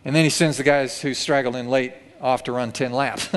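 A man's voice: medium pitch, fairly even intonation, a little fast, hardly any pauses. A man preaching a sermon, telling a story vividly and acting out the quoted lines. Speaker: pastor. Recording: long reverb of a church hall.

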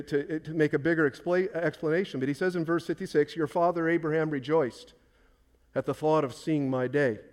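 A man preaching a sermon as pastor, emphatic, swinging between soft, quiet asides and loud, forceful declarations. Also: a little high.

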